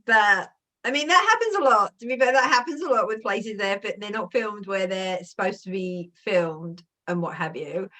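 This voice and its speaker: A woman hosts a casual video-call interview. Her voice is bright and fairly high, and her manner is bubbly and quick to laugh. It sounds like an ordinary home call setup. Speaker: interview host.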